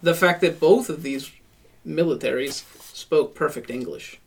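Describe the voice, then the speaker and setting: A man's voice: on the high side, unhurried. Opinionated man in casual film chat. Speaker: podcast host reviewing a film.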